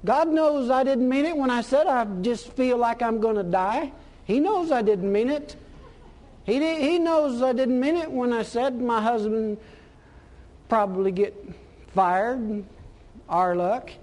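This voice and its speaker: A man's voice: very high voice, a little slow, a little mellow, pitched above the performer's own voice. A man doing a whiny, fed-up churchgoer woman. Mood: aggrieved. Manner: whiny, self-justifying.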